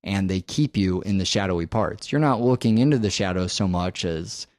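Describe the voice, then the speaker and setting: A man's voice: deep voice, normal speed, a little mellow, no room sound, clean studio sound. A man co-hosting a podcast, chatting casually about horror films and thinking aloud with many fillers. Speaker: podcast co-host. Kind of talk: casual film discussion.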